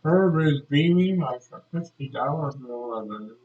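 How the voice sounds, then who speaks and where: An older man telling a childhood story, acting out the people in it with shouted quotes. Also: mid-range voice, normal speed. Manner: animated, acts out shouted quotes. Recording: dull lo-fi recording.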